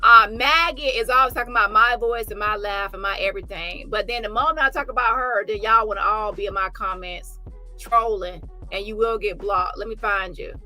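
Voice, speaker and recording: A woman's voice: mid-range voice, a little fast, pushed and bright, faint music behind. A woman hosting a commentary channel, reacting to a clip in a blunt, mocking way and laughing often. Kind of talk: reaction commentary on a live stream.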